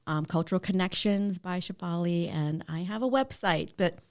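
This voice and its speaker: A middle-aged woman guest telling stories in a casual interview, animated and laughing often. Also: lowish voice, normal speed. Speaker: podcast guest.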